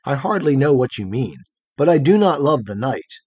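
A man reading the lines of a gentle, innocent young girl of the night in a storybook, speaking with tender wonder in a husky voice. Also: medium pitch, very animated, normal speed, dry recording. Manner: wondering, tender, softly earnest.

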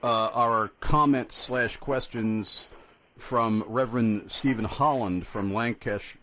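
A man's voice: medium pitch, slow pace, pushed and bright. A man hosting a radio interview show, reading listener emails aloud with strong emphasis.

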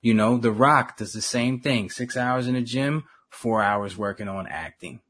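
Husky, slangy man in casual chat. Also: mid-range voice, a little slow. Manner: animated, slangy, trails off and restarts.

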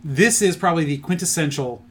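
A man's voice: fairly high pitch, lively intonation, brisk, a bit bright, slight background noise. A middle-aged man on a podcast, rambling through a plot retelling with lots of fillers in a casual chat. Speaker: podcast co-host presenting his picks.

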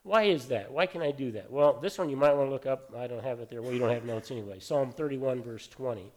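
A middle-aged male pastor preaching in a loose, conversational way, telling stories from his own life between verses. His voice sits at an ordinary mid pitch, and he fills pauses with easy "uh"s. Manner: conversational, anecdotal preaching with frequent fillers. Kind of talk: sermon.

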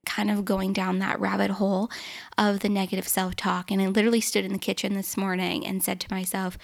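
Podcast host, woman in her twenties, earnest and encouraging, gravelly vocal fry, solo monologue. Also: medium pitch, flat delivery, a little fast. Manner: earnest, encouraging, self-reflective.

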